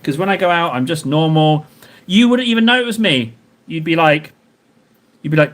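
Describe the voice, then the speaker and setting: A man's voice: a little high, animated, normal speed, long pauses, a bit bright. A man streaming while he paints miniatures, chatting and joking with his viewers in a rambling way. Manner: joking, rambling banter with chat.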